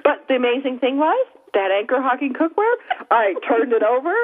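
A woman's voice: high-pitched, big pitch swings, a little fast. A woman co-hosting a casual chat show, talking in a chatty way with frequent laughs and mocking asides. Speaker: podcast co-host. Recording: tinny phone-like line.

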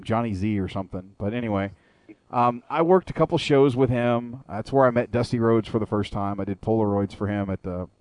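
A man's voice: fairly low pitch, a little mellow, no echo. A man hosting a wrestling radio show, ranting with lots of swearing in a casual chat. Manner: profane, ranting storyteller.

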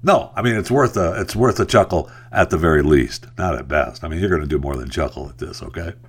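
A man with a very low voice hosts a talk podcast, talking casually. He rambles through asides and jokes in an easygoing way. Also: brisk, husky. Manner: chatty, joking, rambling asides. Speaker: podcast host. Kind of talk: casual talk show monologue.

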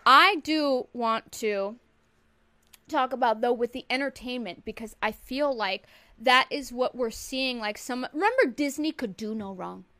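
A high-voiced woman co-hosts a casual podcast. She is chatty and laughs easily. The recording is dry and close. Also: measured pace, sharp tone, no room sound. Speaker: co-host.

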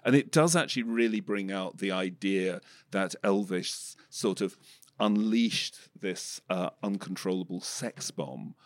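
A man with an English accent discussing a film on a podcast, measured and hedging, full of "you know"s. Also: sits low, no echo, clean studio sound. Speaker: film critic.

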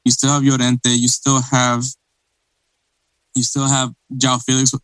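A man's voice: medium pitch, completely flat delivery, unhurried, fairly bright tone, clean tone, no echo, poor audio. A man co-hosting a casual sports podcast, talking in rambling bursts full of restarts. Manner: rambling, many restarts and fillers. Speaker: podcast co-host.

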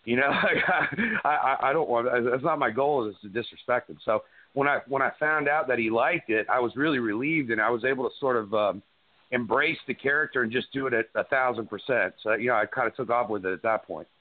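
A middle-aged wrestler, appearing as a guest in a casual interview, rambles through stories with lots of restarts and fillers. His medium-pitched voice moves fairly quickly with no echo, over a tinny, phone-like line.

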